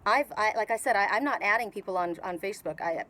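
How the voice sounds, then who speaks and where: A woman's voice: mid-range voice, fast talker, sharp tone, a little hiss or hum, poor audio. A middle-aged woman from Canada with a Canadian accent, giving a casual spiritual tarot reading on an outdoor patio and rambling with many restarts and fillers. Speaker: tarot reader.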